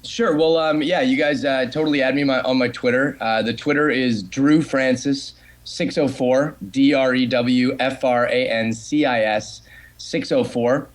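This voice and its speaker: A man's voice: medium pitch, fairly even intonation, measured pace. A man from Canada, a voice actor, chatting easily as a guest on a podcast. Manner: chatty, easygoing, laughs along. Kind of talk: casual podcast interview.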